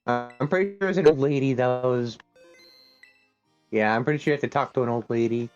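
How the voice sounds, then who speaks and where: A man playing along with a friend's stream, making relaxed, matter-of-fact remarks over voice chat. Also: medium pitch, brisk, highs cut off, soft background music. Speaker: co-player friend. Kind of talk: casual gaming chat.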